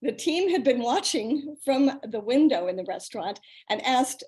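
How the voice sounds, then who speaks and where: An older woman reading her own personal story aloud over a video call, in a lively, self-mocking storytelling manner. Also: high voice, moderate pace.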